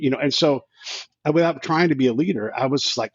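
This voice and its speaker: A man in his fifties tells a story as a podcast guest, rattling along quickly with a husky edge. He keeps restarting himself and acting out quoted lines. The sound is dry and a little dull. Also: mid-range voice, dry recording. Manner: rambling, with many restarts and quoted asides. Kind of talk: casual storytelling.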